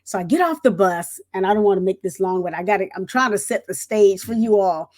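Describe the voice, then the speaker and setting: A middle-aged woman, a retired Air Force veteran, telling a lively, folksy story in an interview and talking straight to the audience. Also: mid-range voice, a little fast.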